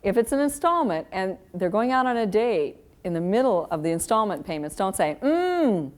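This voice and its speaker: A middle-aged woman giving a live parenting lecture, wry and lively, acting out quoted parents and kids. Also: medium pitch, fairly quick. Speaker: parenting speaker.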